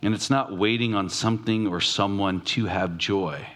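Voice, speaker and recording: A man preaching a sermon, reflective, asking questions aloud and slowing down to stress key words. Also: fairly low pitch, a bit bright. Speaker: pastor.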